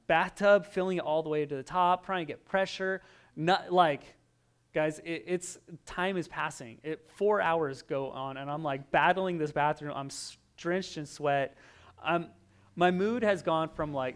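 A man delivering a sermon, his voice smooth and resonant and pitched a touch high. He tells stories with animated energy, swinging from hushed asides to loud bursts as he acts out his own reactions. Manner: animated storytelling, acting out his own voice in quotes. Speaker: pastor.

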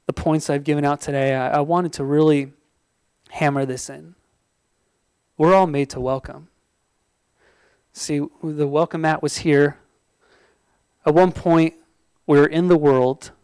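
High-voiced man telling a sermon story. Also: clear, resonant tone, dry recording. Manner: conversational, animated storytelling with many restarts. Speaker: pastor.

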